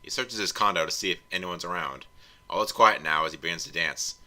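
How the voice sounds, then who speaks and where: A man doing a comedic read-through of a bad fan story, deadpan with wry asides. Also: low-pitched, fairly quick. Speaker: fanfiction reviewer reading aloud.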